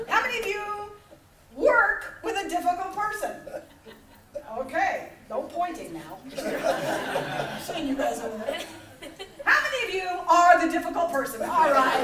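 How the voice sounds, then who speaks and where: A middle-aged woman giving a motivational keynote talk, telling stories with animated voices and frequent laughter. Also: high-pitched. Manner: animated storytelling, acting out voices and laughing often. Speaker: conference speaker. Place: large conference hall. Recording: echoey hall recorded from far off.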